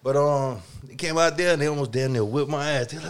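A man's voice: on the high side, fast talker, slight background noise. A man who grew up in Germany, telling stories in casual podcast chat, swearing freely in street slang and acting out what other people said. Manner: profane street slang, animated, acts out other people's lines.

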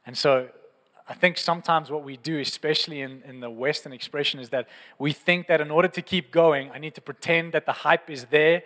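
Passionate preacher man, slightly high voice. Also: steady tone, fairly quick, fairly bright tone, long reverb tail. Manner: earnest, passionate, conversational preaching with repeated phrases. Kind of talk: sermon. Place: church.

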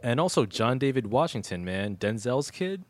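A man's voice: medium pitch, sing-song, moderate pace, dry recording. A man co-hosting a casual podcast, reviewing a movie in a rambling, slangy way with lots of restarts. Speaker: podcast co-host.

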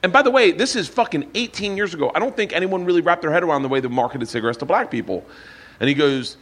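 A man hosting a comedy podcast, telling profane stories with friends in a bar before a live audience. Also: on the high side. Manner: animated, profane, quick anecdotal delivery. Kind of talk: storytelling with friends.

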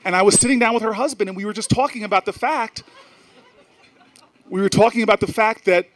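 A man from New Jersey, a senator, giving an animated public talk to an audience, telling stories with frequent restarts and asides. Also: high voice, brisk.

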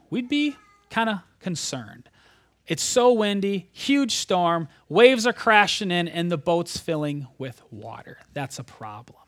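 Animated preacher man with a high voice. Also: no echo. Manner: animated, conversational retelling with dramatic drops to near-whisper. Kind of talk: sermon.

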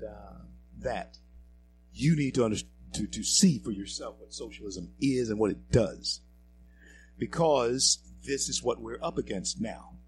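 Low voiced guy hosting his own political show, preachy, gets loud and punchy on key points. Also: low-quality recording. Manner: preachy, rises to loud emphatic bursts; reads quotes aloud with fillers and restarts. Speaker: show host. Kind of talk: political commentary monologue.

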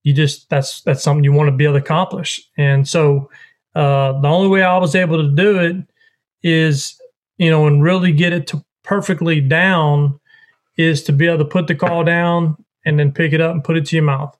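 Pria menjelaskan teknik memanggil bebek. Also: male voice, fairly high pitch, fairly even intonation, moderate pace. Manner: explains step by step, repetitive phrasing. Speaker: duck calling guest. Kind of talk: casual instructional chat.

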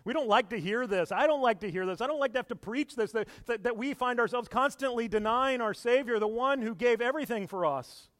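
A male pastor preaching a sermon in earnest, swinging from hushed to loud and emphatic, stumbling and repeating words with small laughs. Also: very high-pitched, brisk, few pauses. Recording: echoey hall with long reverb.

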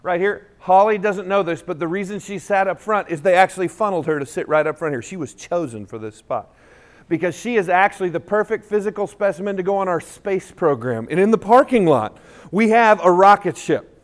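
Man with a high voice, assembly speaker: animated storytelling, acts out dialogue, leads the crowd in call-and-response. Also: brisk. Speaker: motivational school speaker.

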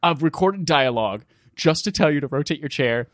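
A man with a fairly high voice hosts a casual gaming podcast, telling stories in an animated, swearing, giggly way. The recording is close and dry, with no room sound. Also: brisk, dry recording. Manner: animated, profane, laughing storyteller. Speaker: podcast host.

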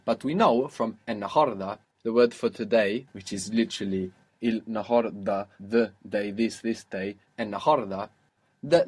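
A man's voice: fairly low pitch, darkish tone, husky. A man teaching a one-on-one lesson, explaining patiently and repeating words for the learner. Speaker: Arabic teacher.

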